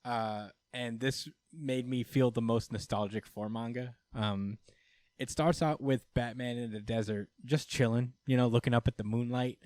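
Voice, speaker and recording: A man's voice: mid-range voice, fairly even intonation, moderate pace, darkish tone, no room sound, studio quality. A man co-hosting a podcast, rambling through a comic recap in loose casual chat full of fillers and laughs. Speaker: podcast co-host.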